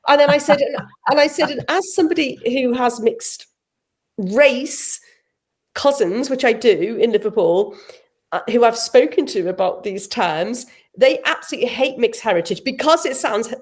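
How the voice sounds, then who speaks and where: A middle-aged woman, an author, chatting as a guest and telling animated stories, acting out the people she quotes. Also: fairly high pitch, moderate pace, slightly rough. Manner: animated storyteller, acts out quotes, frequent laughs. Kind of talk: casual chat.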